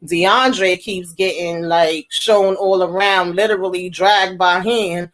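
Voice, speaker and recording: A woman's voice: lowish voice, slow pace. Chatty woman recapping a TV episode. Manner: chatty, slangy, mild cursing, animated storytelling. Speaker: TV recap vlogger.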